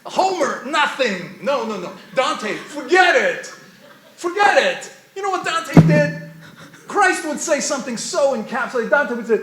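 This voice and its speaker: A man giving an animated, rambling talk about poetry, laughing often as he goes. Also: extremely high pitch, normal speed, reverberant, slight background noise.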